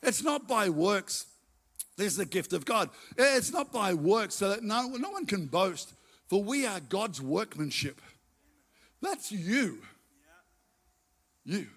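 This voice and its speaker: A man's voice: high-pitched, big pitch swings, takes it slowly, long pauses, fairly bright tone. A middle-aged man preaching a sermon, emphatic and repeating his phrases as he tells his own story. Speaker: pastor.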